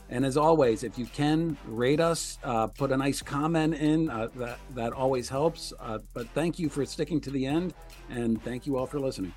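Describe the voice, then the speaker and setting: A man co-hosting a podcast in casual chat, easygoing and teasing. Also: medium pitch. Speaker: podcast co-host.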